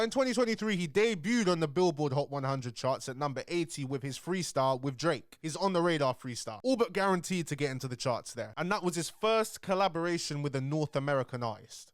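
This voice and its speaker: A man's voice: fairly high pitch, dry recording, clean studio sound. A young man with a British accent, chatting casually and animatedly about music charts to his viewers, full of slang and asides. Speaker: streamer.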